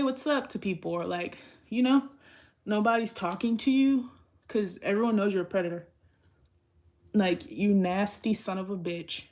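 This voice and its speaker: A woman giving a casual tarot reading in a blunt, rambling way, swearing freely. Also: medium pitch. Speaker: tarot reader.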